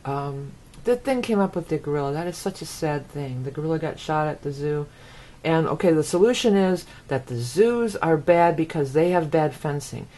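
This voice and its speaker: A woman's voice: deep voice, lively intonation, normal speed, warm tone. A woman from the United States giving a rambling astrology forecast, often repeating words for emphasis. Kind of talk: casual monologue forecast.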